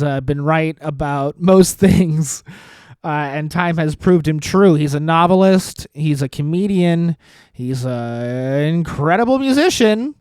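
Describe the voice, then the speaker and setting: A man hosting a podcast, rambling through sardonic dark jokes in a casual monologue. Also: high-pitched, smooth, no echo. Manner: sardonic, dark deadpan humor with rambling asides. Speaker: podcast host.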